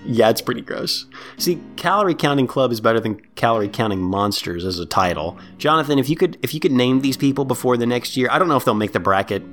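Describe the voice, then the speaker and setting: A man co-hosting a casual podcast, sarcastic and animated, laughing often as he talks. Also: mid-range voice, quick pace, faint music behind. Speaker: podcast co-host.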